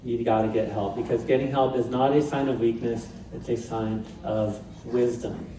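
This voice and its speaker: A man's voice: mid-range voice, fairly even intonation, normal speed, warm tone. A male pastor preaching a sermon in a conversational way with light humor. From Pacific Northwest, USA. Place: church sanctuary. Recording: roomy church sound from a distant mic.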